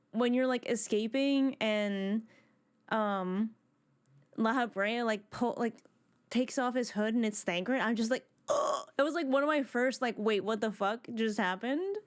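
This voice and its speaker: Excitable, high-voiced woman streamer. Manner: excitable and rambling, full of fillers like "like". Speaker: live streamer. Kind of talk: casual live-stream chat.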